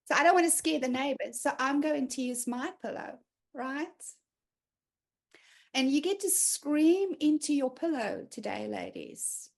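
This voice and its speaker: Woman host, high-voiced, animated, casual, video-call sound. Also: a little slow. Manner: animated, laughs often, acts out quotes. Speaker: group session host. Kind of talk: casual online group session.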